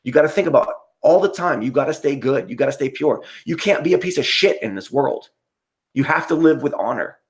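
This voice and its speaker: A man's voice: mid-range voice, animated, fairly quick. A man hosting a live stream, ranting in a casual, preachy, profane way and getting worked up.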